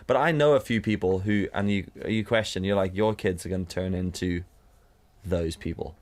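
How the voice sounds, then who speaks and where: Sweary animated man telling stories. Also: low voice, moderate pace. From United Kingdom. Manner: sweary, animated storytelling with mocking put-on voices. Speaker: podcast co-host. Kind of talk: casual chat.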